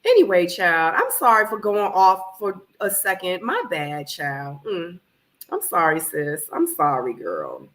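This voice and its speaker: A woman hosting a live reaction stream from her home office, a little hoarse from being under the weather, animated and laughing as she talks back to the screen. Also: lowish voice, measured pace, rough recording. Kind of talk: casual live watch-party chat. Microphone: camera microphone.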